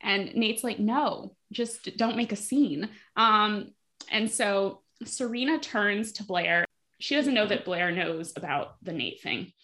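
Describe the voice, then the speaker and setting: Casting note: bright, talkative woman, podcast host, casual recap, quotes characters in passing. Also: medium pitch, lively intonation, slow. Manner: chatty, frequent fillers, acts out quotes. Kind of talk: casual chat.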